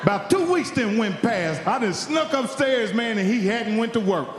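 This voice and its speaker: A man's voice: high voice, lively intonation, moderate pace, in a large hall, background noise. A man from Indiana doing stand-up, telling a profane story and acting out the other people in it. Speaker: stand-up comedian. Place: live comedy venue.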